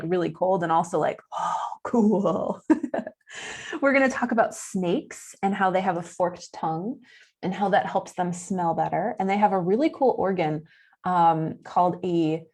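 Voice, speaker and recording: A young woman who works as a nature camp educator gives children a chatty, playful science lesson, live-streamed from home. She has a fairly low voice and laughs at her own jokes.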